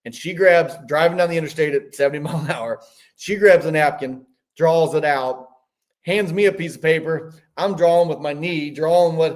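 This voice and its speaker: A man's voice: fairly high pitch, moderate pace. Rambling storyteller man in his fifties. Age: 50s. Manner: rambling, animated, many restarts. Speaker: podcast guest, business owner. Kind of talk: casual storytelling.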